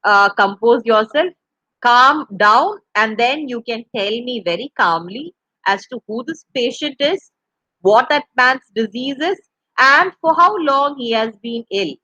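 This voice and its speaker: A calm, courteous doctor speaks in a reassuring, unhurried way, in a woman's own bright voice. The recording is dry and close, with no room sound. It comes across as a spoken reading. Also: on the high side, no room sound, heavily acted, poor audio. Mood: soothing. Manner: soothing, reassuring.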